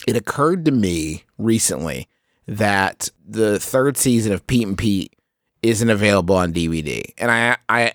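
Dry, rambling excitable podcast host man. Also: lowish voice, dry recording. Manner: rambling and excitable, full of restarts. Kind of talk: casual comedic chat.

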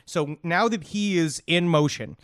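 A man's voice: a little high, a little slow, fairly bright tone, smooth, no echo, clean studio sound. A man co-hosting a true crime podcast, rambling and profane with frequent restarts. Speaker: podcast co-host.

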